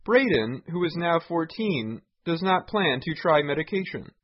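Measured male news reader, lively pitch. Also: highs cut off. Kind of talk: scripted news narration.

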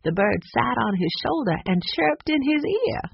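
A woman's voice: a little high, sing-song, moderate pace, gravelly, lo-fi sound, a little hiss or hum, pitched above the performer's own voice. A woman doing a friendly grown cousin. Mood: informative.

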